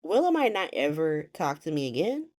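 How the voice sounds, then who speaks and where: A woman doing a gruff, smug schemer of an older woman who denies everything with cold confidence. The voice slides up high when she mocks. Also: sing-song, moderate pace, a little mellow.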